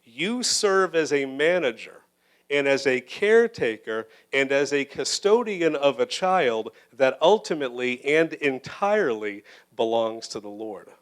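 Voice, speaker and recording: A middle-aged male pastor preaching a sermon in a church, his voice sitting at an ordinary middle pitch. He speaks earnestly and personally, piling up phrases for emphasis while holding back tears. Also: very animated, measured pace, smooth. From United States. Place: church sanctuary.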